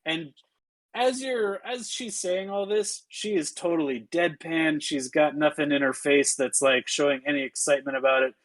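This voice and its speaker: A man's voice: fairly high pitch, normal speed, few pauses, poor audio. A man narrating as game master, in a casual way with many fillers.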